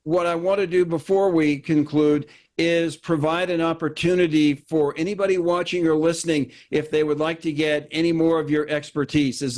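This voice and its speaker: A man's voice: on the high side, darkish tone. Man, interview host, courteous and formal in his questions. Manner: polite, formal wrap-up phrasing.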